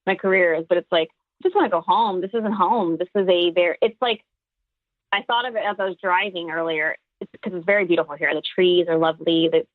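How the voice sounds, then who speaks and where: A woman's voice: on the low side, no echo. A woman comedian talking as a podcast guest, emphatic and full of restarts, over a phone call. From Texas. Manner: fast, emphatic, many restarts. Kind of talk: casual interview chat. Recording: tinny phone line.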